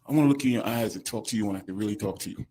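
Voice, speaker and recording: A man, crying as he gives an emotional, halting victim statement at a courtroom podium microphone. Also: fairly low pitch, dark tone. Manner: emotional, halting, breaks off mid-sentence.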